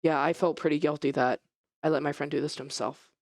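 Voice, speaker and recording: A man preaching a first-person dramatic sermon as an animated storyteller whose voice rises and falls. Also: fairly high pitch, quick pace, no echo, clean studio sound. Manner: animated storytelling, voice rising and falling.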